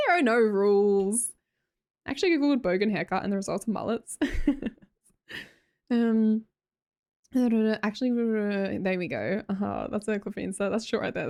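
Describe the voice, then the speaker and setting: An Australian woman streamer talks casually with her chat, her mid-height voice rising and dipping with lively swings. She wanders between thoughts, mocks herself and laughs easily. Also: medium pitch, vocal fry. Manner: chatty, laughs often, scattered and self-mocking. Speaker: live streamer. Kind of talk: casual chat reading viewer messages.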